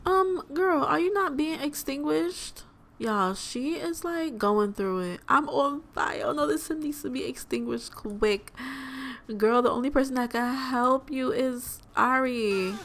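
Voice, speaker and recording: Young woman host, casual game commentary, slightly high voice, unhurried delivery, chatty and exclamatory, talks to viewers directly. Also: a bit bright. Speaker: let's play host.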